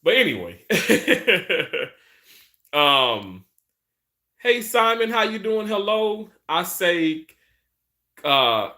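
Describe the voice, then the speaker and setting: A chatty man talking to viewers on a live stream, rambling loosely and greeting people by name. His voice is bright and forceful, sitting a little high for a man. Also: very animated, very slow, pauses often. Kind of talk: casual live-stream chat.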